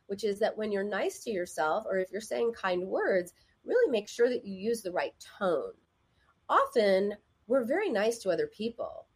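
A woman's voice: medium pitch, breathy edge. A woman therapist giving advice in a casual, conversational way, often acting out the voices of people she quotes.

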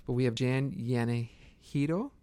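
A man's voice: medium pitch, a little slow, mellow, smooth, no echo. A young man co-hosting a podcast interview, friendly, tripping over words and laughing easily. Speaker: podcast co-host.

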